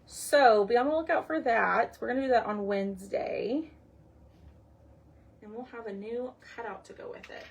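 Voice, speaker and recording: A woman's voice: fairly high pitch, normal speed. A woman hosting a live crafting tutorial, chatting with viewers by name and thinking aloud as she works. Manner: chatty, talks to viewers by name while working; thinks aloud, often trails off. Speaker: craft livestream host.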